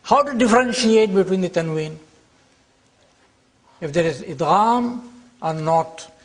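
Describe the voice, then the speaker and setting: A man teaching a class, explaining slowly and checking that his students follow. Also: sits high, expressive. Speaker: Arabic teacher. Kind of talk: classroom lecture.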